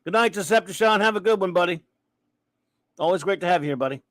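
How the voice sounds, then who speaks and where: Male host, high-pitched, dry close sound, rambling livestream rant with chat shout-outs. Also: fast, dry recording. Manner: ranting, restarting sentences, reading chat aloud.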